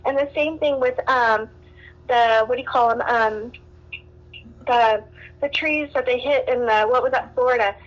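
A woman's voice: a little high, unhurried, lo-fi sound. Upset woman calling in by phone. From Southern California. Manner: upset, rambling with many fillers. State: distressed. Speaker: caller. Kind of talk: call-in radio talk.

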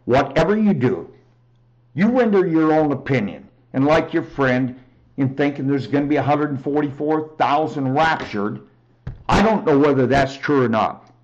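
Man, fervent testimony, emphatic, rambling, raises voice, somewhat high pitch. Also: dull audio. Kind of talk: preachy personal testimony.

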